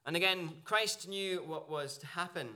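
Bright-toned earnest man preaching. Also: high-pitched, normal speed. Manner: earnest, searching, with small restarts. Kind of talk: sermon. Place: church.

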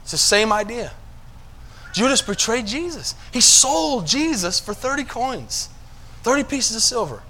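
A male pastor preaching a sermon, checking that the congregation is following and moving between quiet asides and loud, emphatic stretches. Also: extremely high pitch, sing-song, a little slow, a little hiss or hum.

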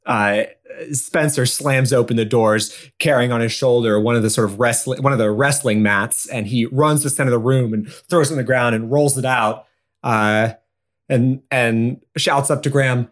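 A man narrating his player character's actions in a tabletop game, quick and stumbling. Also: mid-range voice, steady tone.

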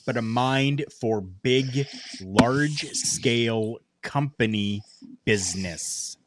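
A man's voice: mid-range voice, slow, no room sound. A man hosting a casual podcast chat, talking emphatically and reading questions from the chat. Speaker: podcast host.

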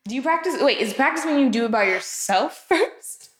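A woman in casual, explicit chat, talking in an animated way, swearing and laughing often. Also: sits high, normal speed. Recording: echoey room.

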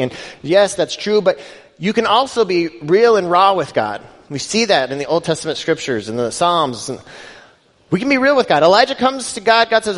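A man's voice: on the high side, animated, fairly quick. A male pastor giving a conversational sermon, building emphasis and acting out scripture quotes. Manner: conversational preaching, rising emphasis, quoting scripture in voices. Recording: long hall reverb.

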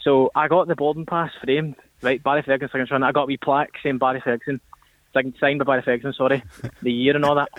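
This fast-talking young man from Northern Ireland has a mid-range voice and a flat delivery, yet he still performs the voices animatedly while recounting a tale to a radio phone-in. The call comes through a phone with a tinny sound.

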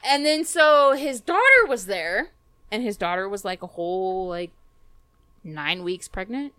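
Animated young woman telling a loud story. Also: mid-range voice, measured pace, clear, resonant tone, no room sound. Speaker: guest storyteller. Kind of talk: casual podcast chat. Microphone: close podcast mic.

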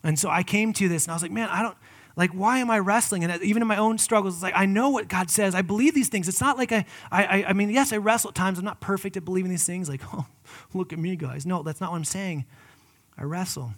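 A man preaching a sermon in an earnest, conversational way, moving between loud emphatic peaks and hushed whispers. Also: high-pitched, fast. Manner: personal, addresses listeners as guys. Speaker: pastor.

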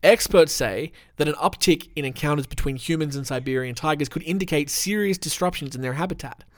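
This is a man hosting a casual podcast, swinging between rambling chat full of ums and plain reading of news. His voice sits somewhat high for a man. The sound is dry and close, recorded in a room at home. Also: a little fast, no room sound. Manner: rambling, sweary, self-deprecating, with many ums. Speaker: podcast host. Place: room at home with the window open.

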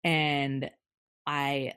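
A young adult woman telling a personal story as a podcast guest, candid and halting, with many restarts. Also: very deep voice, little pitch movement, fairly bright tone, clean tone, no room sound, studio quality.

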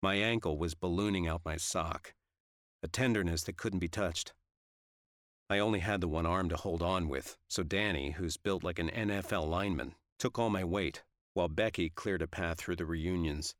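A man narrating a first-person story in a steady, even way. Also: deep voice, no room sound, studio quality. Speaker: audiobook narrator.

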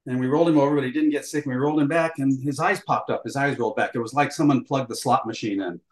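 An older man with a mid-range voice talks very fast as an interview guest, telling a story and acting out the dialogue along the way, with plenty of fillers. The recording has a roomy echo.

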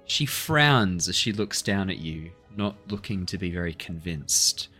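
A man's voice: low-pitched, expressive, measured pace, pushed and bright, soft background music. A man narrating as game master of a tabletop game in a casual, hedging way.

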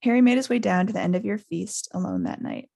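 Woman, gravelly voice, live read-aloud, character voices, chatty laughing asides. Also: medium pitch, fast. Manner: reads with animated character voices, laughs often. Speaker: podcast host reading a book aloud. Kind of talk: live book reading with commentary.

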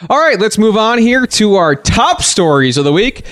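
A man hosting a podcast, his pitch bouncing all over as he jokes his way into the next segment. His voice sits a little high, and the recording is dry and close with no room sound. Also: very animated, normal speed, a bit bright, no room sound. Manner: jokey, introduces segments. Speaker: podcast co-host. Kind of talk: casual podcast banter.

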